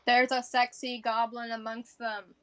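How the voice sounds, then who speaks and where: A woman with a fairly high voice plays a tabletop game. She talks eagerly and chattily with the table. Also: little pitch movement, unhurried, a bit bright, smooth. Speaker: player.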